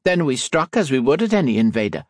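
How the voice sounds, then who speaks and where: A man voicing a stern, commanding woman submarine captain with a slight unfamiliar accent, in formal, measured speech. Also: medium pitch, big pitch swings, dry recording, studio quality, pitched above the performer's own voice.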